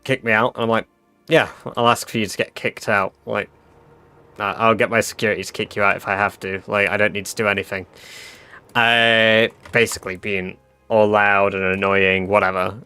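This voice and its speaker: A man's voice: fairly low pitch, level tone, normal speed, bright, forceful tone, clean tone, faint music behind. A young man telling a casual story to his live stream viewers, chatty and full of fillers and swearing.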